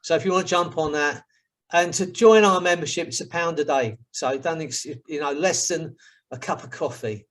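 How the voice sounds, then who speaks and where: A middle-aged hypnotherapist with a London accent speaks to a group over a video call. His voice sits a little high for a man, and he moves between slow, soothing suggestions and relaxed, friendly chat. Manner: soothing counting suggestions, then chatty and upbeat.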